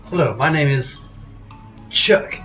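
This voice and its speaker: A man's voice: fairly high pitch, takes it slowly, a bit bright, dull audio, pitched above the performer's own voice. A man reading out game dialogue as a creepy, grinning male innkeeper who stretches and oddly stresses his words, over music. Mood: creepy cheerful.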